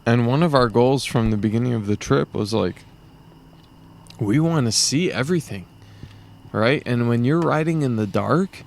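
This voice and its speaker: Male podcast guest, mid pitch, animated storyteller, slight background hiss. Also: unhurried. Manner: animated storytelling, acting out quotes. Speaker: guest cyclist. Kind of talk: casual podcast chat.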